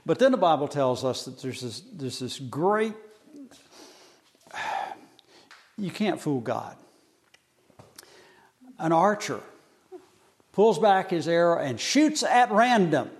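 A man's voice: a little high, sing-song, takes it slowly, long pauses. A man teaching a Bible passage in a casual, conversational way, with frequent fillers and humorous asides. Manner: conversational, colloquial, hesitant, humorous.

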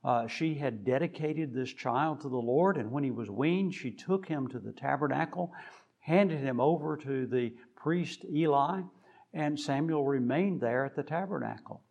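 A man delivers a sermon in a gravelly, creaky voice of middling pitch. He speaks deliberately, pausing often to gather his words, then lifts his voice with force on the key points. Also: a little mellow. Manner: deliberate, with frequent "uh" pauses. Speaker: preacher.

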